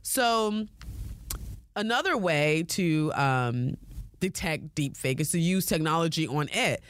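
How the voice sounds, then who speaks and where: A woman's voice: low-pitched, lively intonation, takes it slowly. A woman hosting a podcast, talking casually and chattily, often laughing and using fillers. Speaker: podcast host. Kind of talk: casual solo talk.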